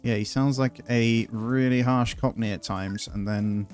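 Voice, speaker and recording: Man, casual game commentary, thinking out loud, easily delighted, mid-pitched voice. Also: fairly even intonation, unhurried, soft background music. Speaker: gaming video host.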